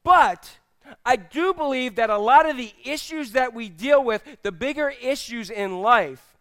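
A man's voice: very high-pitched, expressive, unhurried, fairly bright tone. A male pastor preaching a conversational sermon, speaking directly to his congregation. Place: church.

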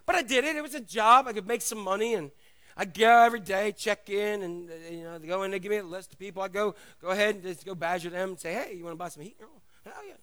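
A middle-aged pastor preaches with a high, bright voice. He tells stories in an animated way and drops casual asides to the congregation. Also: quick pace. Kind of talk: sermon.

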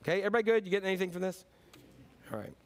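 A high-voiced man preaching a lively sermon. He rambles through stories in a casual, conversational way, with a few filler words and restarts. Now and then he breaks into sudden loud cheers. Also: racing. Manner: animated storytelling with sudden whoops. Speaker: pastor.

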